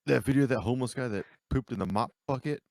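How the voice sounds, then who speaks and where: A man's voice: medium pitch, fast talker, creaky, darkish tone, no room sound. A man co-hosting a podcast, eagerly describing a video in casual chat. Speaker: podcast co-host.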